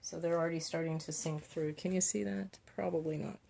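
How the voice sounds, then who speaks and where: Painting on camera, this craft vlogger keeps up a casual commentary on her choices, sprinkled with playful asides. Her voice sits low with a creaky, dark tone, holding steady and running a little fast.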